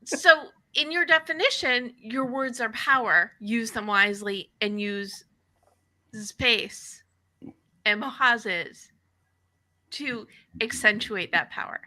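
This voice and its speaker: A woman's voice: a little high, slow, pushed and bright, rough recording. A woman hosting a panel chat over a video call, summing up the guests' points with light banter. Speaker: talk show host.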